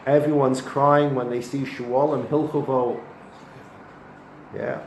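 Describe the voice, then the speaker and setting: Rabbi teaching in an echoey room. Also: male voice, mid-range voice, slow. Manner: animated storytelling with Hebrew and Yiddish terms. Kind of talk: weekly Torah lesson. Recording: echoey room with faint noise.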